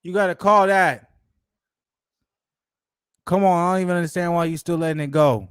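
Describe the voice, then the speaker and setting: A man's voice: sits high, moderate pace, clean tone, no room sound. A man hosting a live fight watch-along, talking in a hyped, slangy way and repeating his exclamations. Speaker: channel host.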